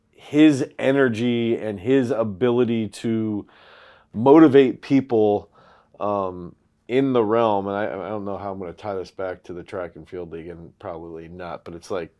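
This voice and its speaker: A man in his thirties co-hosting a throws podcast, talking casually and telling stories with rising excitement. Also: on the low side. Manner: animated storyteller, loud when excited. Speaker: throws coach, podcast co-host. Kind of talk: casual sports chat.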